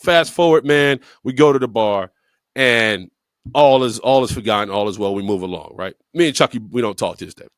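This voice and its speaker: Speaking fairly quickly in a mid-range voice, a man co-hosting a podcast tells a story in a blunt, profane way, repeating words for emphasis. The recording is dry and studio-clean.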